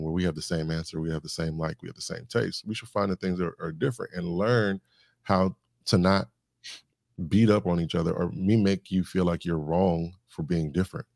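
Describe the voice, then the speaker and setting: A man's voice: sits low, fairly even intonation, brisk, vocal fry, darkish tone, dry recording, clean studio sound. A man talking as a guest on a podcast, reflective and thoughtful, working through ideas with lists and examples. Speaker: guest, communication specialist.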